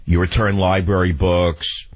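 Talk radio host, man, husky voice, sarcastic rant with big pitch swings. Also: flat delivery, unhurried, poor audio.

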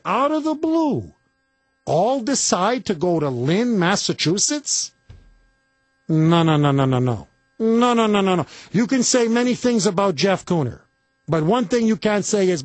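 A man's voice: extremely high pitch, no echo. A man hosting a political talk radio show, speaking emphatically and indignantly, repeating himself for effect. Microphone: studio microphone.

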